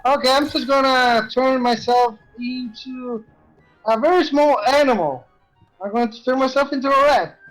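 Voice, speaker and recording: A player in a live tabletop game, talking in a playful, quick way. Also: high voice, fairly bright tone, soft background music, poor audio.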